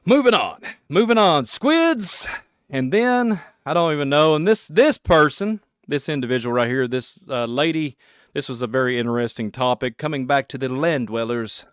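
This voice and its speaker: A man from Kentucky with a Southern accent, hosting a rambling solo podcast, excitable and laughing often as he jumps between topics. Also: mid-range voice, moderate pace, clean tone, dry recording, clean studio sound. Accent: Kentucky Southern American. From Kentucky, USA. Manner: excitable, laughing, puts on silly voices. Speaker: podcast host.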